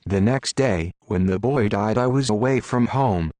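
A man narrating an audiobook in a measured, solemn reading. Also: fairly low pitch, darkish tone, dry recording. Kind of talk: scripted narration.

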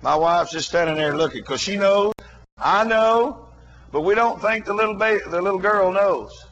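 A man's voice: sits high, normal speed, a bit bright, muffled recording. A middle-aged man preaching a sermon, telling a story in an emphatic, emotional way.

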